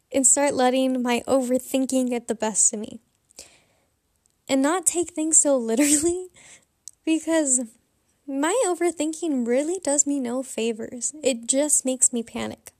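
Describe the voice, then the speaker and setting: A woman's voice: high-pitched, a little mellow, no room sound, studio quality. A young adult woman telling a candid, rambling personal story in a casual confessional vlog. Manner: candid, rambling, self-reflective. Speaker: vlogger.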